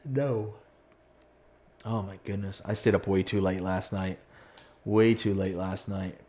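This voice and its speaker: A man's voice: deep voice, fairly even intonation, measured pace, darkish tone. A man live-streaming a farming game, chatting casually, reading viewer comments aloud and mocking himself in sudden outbursts of frustration. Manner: exclaims in sudden bursts of frustration. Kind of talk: live-stream gameplay chat.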